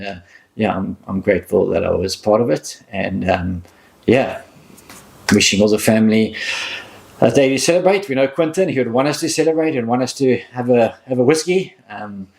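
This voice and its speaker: A man giving a halting, emotional memorial tribute full of fillers and restarts. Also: on the low side, expressive, creaky, darkish tone. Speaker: family member giving a recorded tribute.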